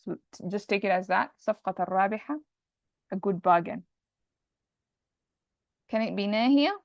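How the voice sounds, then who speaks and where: A woman's voice: mid-range voice, animated, fast, gravelly, dry recording, muffled recording. A woman teaching an Arabic grammar class, explaining step by step and mixing English with Arabic terms.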